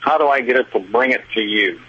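A man's voice: mid-range voice, fast talker, bright, forceful tone, slightly rough. A man calling in to a radio show with a question, hesitant and friendly. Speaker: caller. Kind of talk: call-in question. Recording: muffled phone line.

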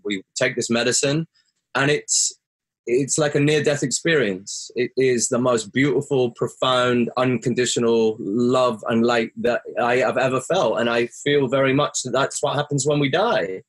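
A man's voice: mid-range voice, normal speed. A man telling a personal story as a guest. He talks earnestly and reflectively, and his voice jumps up when he quotes his own words. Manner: earnest, rises sharply when quoting himself.

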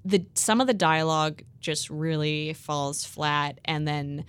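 A woman's voice: deep voice, takes it slowly, clean tone. A woman hosting a podcast in casual chat, opinionated and playful as she steers the talk.

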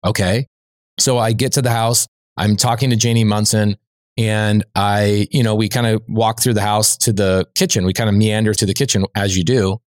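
A man, a podcast guest, telling a personal anecdote in a lively, conversational way, dropping "like" as a filler. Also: lowish voice, moderate pace, no echo, studio quality. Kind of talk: storytelling anecdote.

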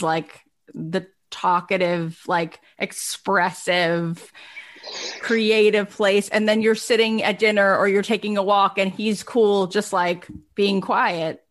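A woman's voice: medium pitch, a bit bright. A woman podcast host who asks open questions and affirms her guest in casual interview talk.

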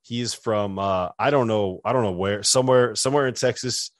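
A man's voice: lowish voice, brisk. A man co-hosting a casual sports podcast, telling stories in a chatty, teasing way. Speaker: podcast co-host.

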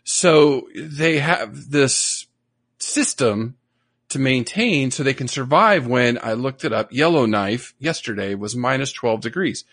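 A man's voice: mid-range voice, expressive, slow, a bit bright, dry recording, clean studio sound. A man co-hosting a podcast in casual chat, enthusiastic and nerdy, rambling a bit as he explains things. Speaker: podcast co-host.

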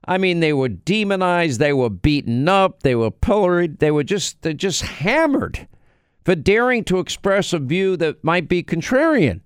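Male American radio host, slightly high-pitched, emphatic and chatty, restarts his sentences, dry studio mic. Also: very animated, moderate pace, clear, resonant tone, dry recording. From United States. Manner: emphatic, conversational, frequent restarts. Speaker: radio talk show host. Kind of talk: talk radio monologue.

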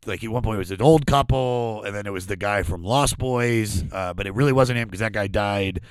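A man, a comedian guest, telling a story in casual chat, animated and laughing often. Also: fairly low pitch, brisk, clear, resonant tone, no echo.

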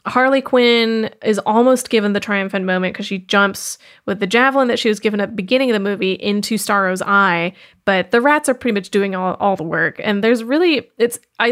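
A woman's voice: mid-range voice, fairly bright tone. A woman hosting a podcast, recapping a film in a chatty, casual way. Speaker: podcast host.

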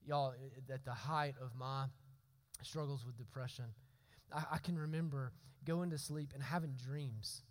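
A man's voice: medium pitch, steady tone, moderate pace. A man preaching a sermon as pastor, earnest, often repeating and restarting words and asking "right?" to the congregation.

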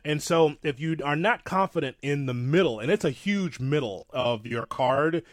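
Animated rambling man, dry sound. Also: fairly high pitch, normal speed, no room sound. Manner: animated, rambling, self-described old-school fan. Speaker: podcast co-host. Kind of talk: casual wrestling talk.

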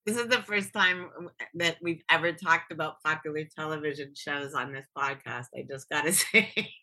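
A woman hosting a podcast, chatting excitably and rambling, swearing freely. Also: sits low, normal speed. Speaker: podcast host. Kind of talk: casual podcast chat.

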